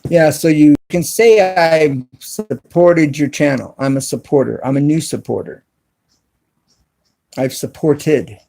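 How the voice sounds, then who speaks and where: Male live-stream host, slightly high gravelly voice, slow and deliberate, spells things out, phone mic. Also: mellow. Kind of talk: casual live-stream chat with viewers. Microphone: cell phone.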